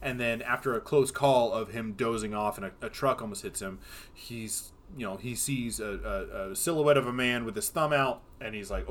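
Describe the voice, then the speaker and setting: A man's voice: medium pitch, normal speed, fairly bright tone. Rambling male film podcast host. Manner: rambling, filler-heavy retelling of scenes. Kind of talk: casual film discussion.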